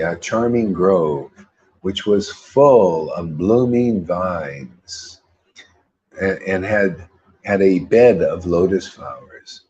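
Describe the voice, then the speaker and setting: Man, casual devotional talk, rambling, laid-back, animated intonation, husky voice, dull recording. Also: lowish voice. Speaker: devotional speaker.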